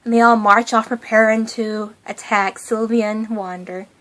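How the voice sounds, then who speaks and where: A woman's voice: on the high side, fairly even intonation, moderate pace, fairly bright tone. A young woman hosting her own fan channel, chatting casually about a cartoon in a gushing, giggly way.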